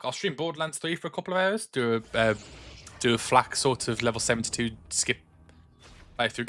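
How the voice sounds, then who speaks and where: A young gaming streamer from England's Black Country talks with an English accent from a room at home, his mid-range voice carrying a sharp tone. He chats and rambles casually, often restarting sentences and leaning on filler.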